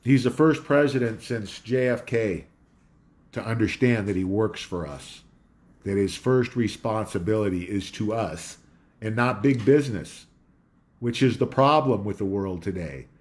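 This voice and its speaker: Guy talking slow at home, rambling conspiracy monologue, dog around. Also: fairly low pitch. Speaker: host of a home talk show. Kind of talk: casual monologue.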